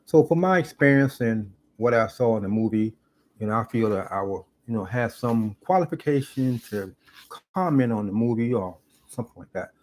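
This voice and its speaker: A man's voice: mid-range voice, expressive, normal speed, darkish tone. A middle-aged man speaks in a reflective vlog monologue with a mid-range voice. He is earnest and a bit preachy, and he stresses his points by repeating phrases. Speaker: YouTube commentator. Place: parked car.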